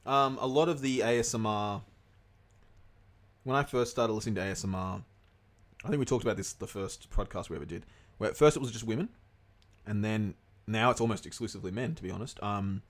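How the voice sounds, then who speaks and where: A man's voice: lowish voice, brisk, long pauses. A young man co-hosting a casual podcast, rambling and swearing freely as he chats. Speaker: podcast co-host. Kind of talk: casual chat.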